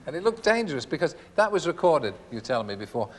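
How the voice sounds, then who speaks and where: A man's voice: on the high side, very animated, fast talker. A man hosting a television chat show, interviewing guests with wry, teasing banter. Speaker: talk show host. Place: television studio. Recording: studio reverb with audience.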